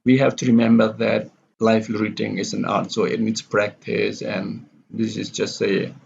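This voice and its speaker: A male lecturer explaining step by step in a recorded lesson, halting with fillers and self-corrections, a non-native speaker whose first language is Indonesian. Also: lowish voice, level tone, vocal fry, a little mellow, a little hiss or hum. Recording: dull lo-fi recording.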